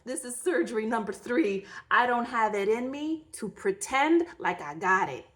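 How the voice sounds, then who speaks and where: A woman in her thirties telling her story in a storytime vlog, candid, emotional and blunt, with mild swearing. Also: lowish voice. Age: 30s. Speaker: vlogger.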